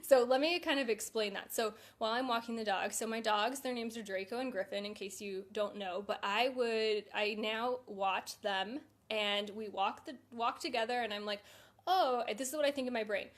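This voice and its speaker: A woman's voice: fairly high pitch, fairly even intonation, normal speed, few pauses. Chatty woman, candid vlog talk. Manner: chatty and candid, many fillers. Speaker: fitness coach.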